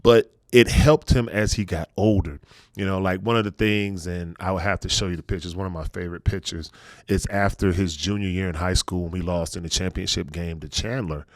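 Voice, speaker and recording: Speaking fairly quickly in a low, steady voice, a middle-aged podcast host tells personal stories with earnest feeling in relaxed conversation. When he gets reflective his voice drops. The studio recording is clean and dry.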